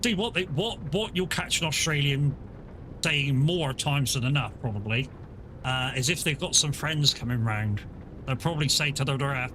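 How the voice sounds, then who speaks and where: Chatty male streamer over engine rumble. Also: normal speed. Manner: chatty, rambling, laughs often. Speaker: streamer playing a truck game. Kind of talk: casual live-stream chat. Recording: steady truck rumble behind voice.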